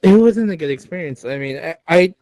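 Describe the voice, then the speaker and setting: A man's voice: fairly high pitch, expressive, a little fast, warm tone, no echo. A man co-hosting a casual talk show, hesitant and often breaking off to restart his sentences. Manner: hesitant, self-interrupting. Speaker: co-host. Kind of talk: casual chat.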